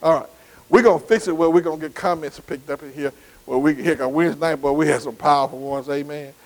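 Speaking quickly in a voice on the high side, the pastor preaches with folksy emphasis and call-and-response questions to his congregation. The recording quality is rough.

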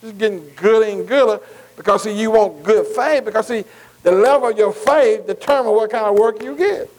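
A man's voice: sits high, normal speed, darkish tone, low-quality recording. A man preaching a folksy sermon, calling out to the congregation. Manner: folksy, call-and-response preaching with dialect.

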